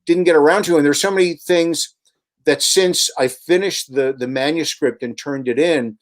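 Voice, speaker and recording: Animated man telling a rambling anecdote. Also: a little high, moderate pace. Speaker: radio host and author, guest on a radio show. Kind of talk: storytelling in a radio interview.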